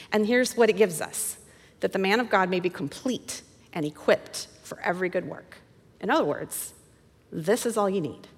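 Lady teaching women's bible study, chatty and excited, kinda high voice, big echoey hall. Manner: conversational, self-correcting, enthusiastic.

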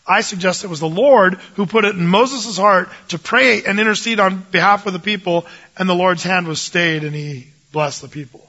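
A man with a high, bright voice walks through a Bible passage in a relaxed teaching tone. He jokes and leaps into the voices of the people in the story. The recording sounds muffled and lo-fi. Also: moderate pace. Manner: animated, jokey, acts out voices of biblical figures.

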